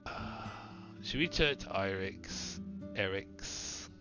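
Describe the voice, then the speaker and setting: A man's voice: deep voice, animated, takes it slowly, muffled recording, over music. A man streaming a text game, reading the story aloud and making wry, chatty comments.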